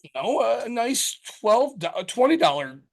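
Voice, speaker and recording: A man co-hosting a podcast in casual chat, rambling and profane with lots of fillers and animated storytelling. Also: very high voice, normal speed, gravelly. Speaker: podcast co-host.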